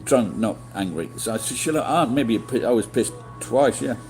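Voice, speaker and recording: A man's voice: medium pitch, lively intonation, moderate pace, darkish tone, faint music behind. A middle-aged man telling rambling stories to his stream chat, swearing often and restarting his sentences. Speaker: livestreamer. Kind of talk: casual storytelling to chat.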